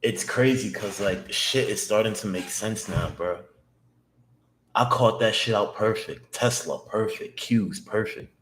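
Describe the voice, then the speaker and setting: A young man in his twenties livestyle-narrating his day trades to himself, slangy and full of swearing, repeating lines and jumping into high excited yelps. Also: a little slow, a little hiss or hum. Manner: excitable, swears constantly, bursts into high hyped shouts. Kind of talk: live trading vlog, talking to himself.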